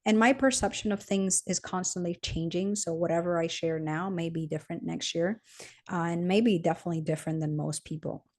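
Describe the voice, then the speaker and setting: A woman hosting an interview, speaking thoughtfully and gently, pausing to search for words. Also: on the low side. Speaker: host. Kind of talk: reflective interview talk.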